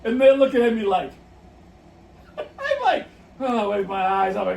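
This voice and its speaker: A giggly podcast co-host laughs his way through his own stories in casual conversation, his very high voice swooping wildly at a moderate pace with frequent pauses. A distant mic picks up roomy echo and faint noise.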